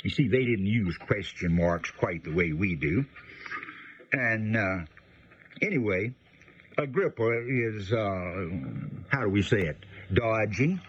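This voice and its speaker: A man teaching the Bible on the radio in a folksy, unhurried way, explaining with frequent pauses. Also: lowish voice, fairly bright tone, husky. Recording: dull lo-fi radio broadcast.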